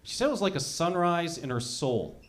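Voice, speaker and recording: A young adult man doing a profane, rambling stand-up comedy set, telling animated stories to a crowd. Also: on the high side, moderate pace.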